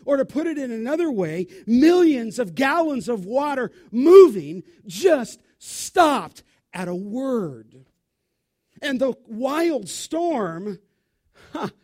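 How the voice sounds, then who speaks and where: A male preacher with a strikingly high voice, delivering a sermon. He talks in an animated, emphatic way and keeps it conversational, tossing rhetorical questions at his listeners.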